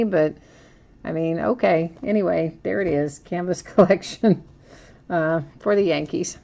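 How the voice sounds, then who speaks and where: A woman's voice: on the low side, moderate pace, vocal fry, warm tone, highs cut off. A woman hosting a live card break, chatting casually as she opens packs and reads out each card.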